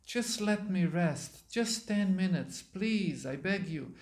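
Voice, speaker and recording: A man's voice: high-pitched, lively intonation, slow pace, pitched above the performer's own voice. A man voicing a terrified dying old man who begs humbly to be let go, in an echoey hall. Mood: terrified begging. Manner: humble, pleading.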